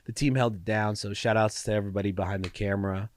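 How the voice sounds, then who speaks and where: A man's voice: on the low side, steady tone, fast talker, slight background noise. A tired young man with a stuffy, congested voice, telling stories as a podcast co-host in casual chat. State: recovering from a cold, tired.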